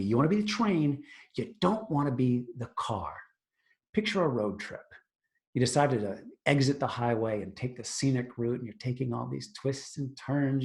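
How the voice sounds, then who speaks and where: A man teaching a tutorial on presentation skills, emphatic and animated, swinging between loud and hushed delivery. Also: medium pitch. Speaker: presentation coach.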